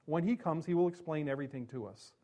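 A pastor preaching a sermon, emphatic, slowing down on key phrases and dropping low and soft when he quotes scripture.

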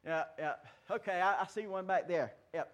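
A man in his fifties preaching a sermon in a church, folksy and joking, swinging between loud declarations and hushed asides. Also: sits high, normal speed. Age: 50s. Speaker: pastor. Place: church sanctuary.

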